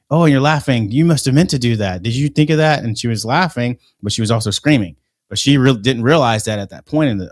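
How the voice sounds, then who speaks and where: A man's voice: on the low side, no echo, studio quality. A man on a casual podcast, telling long rambling stories full of profanity.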